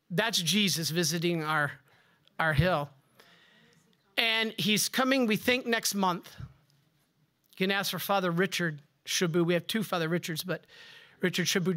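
A man preaching as a Catholic priest, delivering a rousing sermon with emphatic rises on key words and quick asides to the congregation. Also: high voice, bright, forceful tone.

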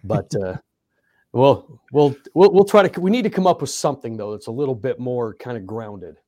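A man's voice: medium pitch, animated, moderate pace, mellow, no echo, studio quality. A middle-aged man, a basketball coach, co-hosting a casual sports podcast with a laid-back, laughing manner.

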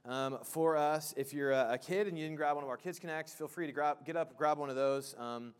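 A man's voice: a little high, steady tone, brisk, clean tone. Casual joking male pastor preaching. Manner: casual, joking, with many fillers and restarts. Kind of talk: sermon. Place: church sanctuary.

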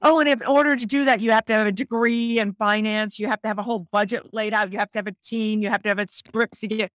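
A woman actress as an interview guest, telling lively stories and acting out the voices in them. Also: medium pitch, fast, no echo. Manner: lively, acts out voices in her anecdotes. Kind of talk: animated storytelling in an interview.

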